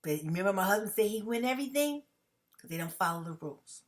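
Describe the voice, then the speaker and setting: A tired woman talking fast and emphatically to her viewers in a casual vlog monologue, often checking in with "okay?". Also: mid-range voice, expressive. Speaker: vlogger.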